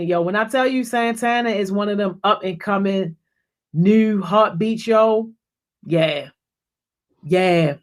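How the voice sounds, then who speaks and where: A youth program leader giving casual shout-outs and encouragement to young members, saying "yo" constantly and repeating phrases, and getting louder and higher when greeting people by name. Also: slow pace. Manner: peppers speech with "yo", repeats and restarts phrases; energetic, rises in pitch and volume when greeting people by name. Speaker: youth program leader hosting a group call.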